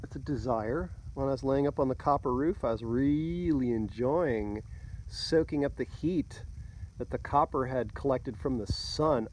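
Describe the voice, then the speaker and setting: A man in his fifties musing slowly to himself as a podcast host, recorded on a phone outdoors by a lake. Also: medium pitch, a little hiss or hum, rough recording. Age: 50s. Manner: slow and musing, laughs softly to himself. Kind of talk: reflective solo talk. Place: outdoors by a lake at day's end.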